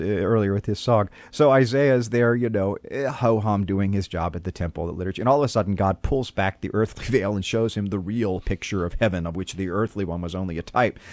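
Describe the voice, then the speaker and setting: Earnest low-voiced radio pastor. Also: male voice, dry recording. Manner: earnest, preacherly, repeats words when starting. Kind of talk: radio call-in talk.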